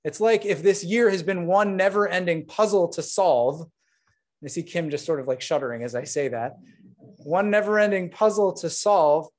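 A man with a notably high voice delivers a rabbi's installation sermon. He speaks earnestly and warmly to his congregation. He breaks off now and then for friendly asides. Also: normal speed. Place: synagogue sanctuary.

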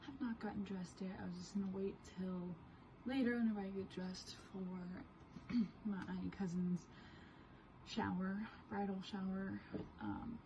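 A woman in her twenties vlogging at home, giving her dog commands in a raised pet-talk voice and chatting quietly to the camera. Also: medium pitch, a little hiss or hum, low-quality recording. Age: 20s. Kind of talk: casual vlog, training her dog. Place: home, indoors.

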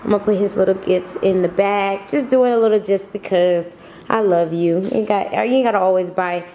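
A woman's voice: mid-range voice, steady tone, a little fast, dark tone, a little hiss or hum. A woman vlogging casually at home, chatty and slangy, laughing often. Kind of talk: casual vlog chat.

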